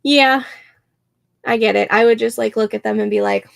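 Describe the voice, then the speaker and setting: A woman's voice: a little high, steady tone, moderate pace, vocal fry. A young woman hosting a writing livestream, chatting casually and laughing often as she reads out comments from viewers. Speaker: livestream host.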